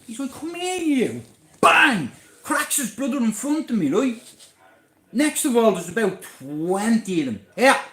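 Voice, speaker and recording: A man with an Irish accent telling a story on a livestream, blunt, animated and swearing constantly. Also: very high voice, moderate pace, reverberant.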